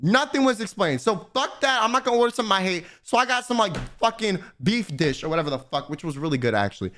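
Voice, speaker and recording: Young guy streamer, profane animated storyteller, bright high pitch, very lively delivery. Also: quick pace. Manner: animated ranting storytelling, heavy swearing. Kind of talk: casual chat to stream chat.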